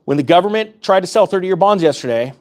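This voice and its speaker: A man's voice: sits high, animated, fast, darkish tone. A man giving urgent, fired-up finance commentary to camera as a YouTube host, repeating points for emphasis. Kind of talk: impassioned direct-to-camera commentary.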